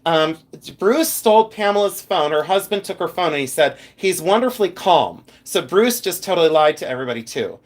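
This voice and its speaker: Giggly, animated man hosting a live stream. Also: high-pitched, a little fast. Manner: chatty and giggly, teasing viewers. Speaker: host of a live jewelry stream. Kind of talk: casual live-stream chat, reading viewer comments aloud. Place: at his second house, indoors.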